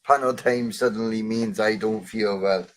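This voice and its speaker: A man's voice: fairly low pitch, fairly even intonation, moderate pace. A man in casual panel banter, joking around and swearing often as he tells a story. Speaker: podcast panelist.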